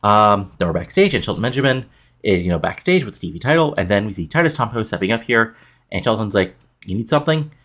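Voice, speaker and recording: Fast-talking low-voiced man narrating a game. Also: very animated, fairly bright tone. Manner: rambling, many fillers like "you know". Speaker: game player narrating a wrestling booking game. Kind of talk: casual game commentary.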